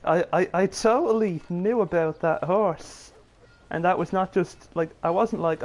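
A man's voice: sits high, unhurried, darkish tone. A man streaming a video game, making sarcastic jokes and mumbling to himself as he plays. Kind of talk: live gameplay commentary.

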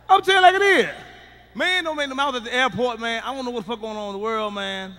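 A middle-aged man doing a loud, profane, emphatic stand-up routine, recorded live. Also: extremely high pitch, fast talker, big-room sound. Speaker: stand-up comedian.

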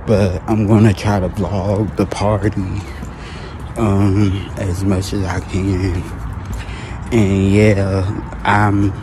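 A man in his twenties vlogging to camera, emotional and tearful at times, then speaking softly and calmly with a nearly lost voice. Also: deep voice, drawn-out words, noisy background. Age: 20s. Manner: emotional, holding back tears; soft and calm, voice nearly lost. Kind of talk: personal vlog talk to camera.

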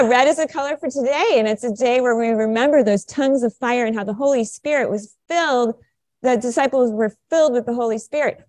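A woman pastor with a high, light voice leads a children's message in plain, coaxing words. The sound is close and dry, with little room around it. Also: no echo. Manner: bright, coaxing, speaks simply to children. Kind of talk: children's sermon, then sermon. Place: church sanctuary.

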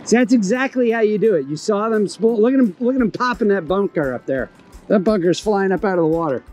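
A fishing video host with a notably high voice speaks fairly quickly from a small boat outdoors, excitedly exclaiming and cheering before giving tips on fishing technique. Faint music plays behind, and the recording is low quality.

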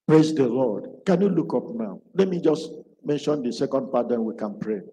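A man's voice: medium pitch, expressive, moderate pace, warm tone. A man preaching a sermon, telling a story and acting out what the people in it say. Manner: acts out quoted speech in his stories. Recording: long hall reverb.

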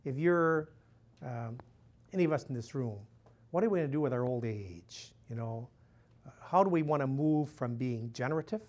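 A man's voice: mid-range voice, lively intonation, moderate pace, a little mellow. A man, a missionary priest, giving a conversational talk to a live audience, telling stories and often saying "you know". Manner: chatty, storytelling, acts out quoted dialogue in a raised voice, frequent "you know".

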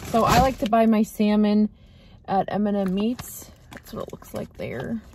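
A woman's voice: medium pitch, fairly even intonation, normal speed, warm tone, slight background noise. A young woman from Canada chatting casually to her vlog camera from her car, laughing often and trailing off. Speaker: vlogger.

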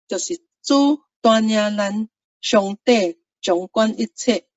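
A woman giving a formal, measured address with a closing blessing to parents and grandparents. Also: medium pitch, a little mellow, no room sound, distant mic, dull audio. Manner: measured, solemn, drawn-out.

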